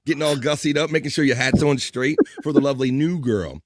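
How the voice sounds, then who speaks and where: A man's voice: medium pitch, no echo, clean studio sound. Hyped male livestream host. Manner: hyped, teasing, quick shout-outs. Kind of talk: casual chat reading out viewer comments.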